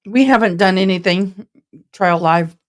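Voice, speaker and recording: Slow-talking chatty woman streamer. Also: medium pitch. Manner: chatty, rambling, reads out viewer comments; self-described passionate and direct. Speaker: trial commentary live-streamer. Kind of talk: casual live-stream chat.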